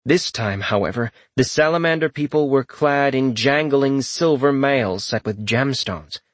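A man narrating a fantasy novel as an audiobook in a steady, measured storytelling voice. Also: medium pitch, no echo.

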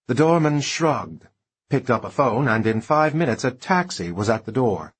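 A man narrates an audiobook in a husky, mid-pitched voice. He reads expressively, lingering over rich descriptions and letting the phrasing rise and slow. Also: big pitch swings.

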